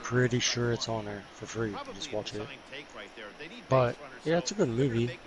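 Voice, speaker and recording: A man's voice: medium pitch, normal speed. A man chatting casually while playing a video game, rambling in slangy storytelling. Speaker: gaming video host. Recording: stadium crowd noise from the game.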